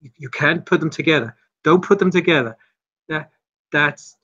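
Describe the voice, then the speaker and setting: A man plays a haunted woman vampire who mutters her visions in broken, halting fragments. The voice is husky and breathy. The recording is dull and lo-fi. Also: medium pitch, fairly even intonation, fairly bright tone. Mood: panicked. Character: haunted older woman vampire raving about prophecy.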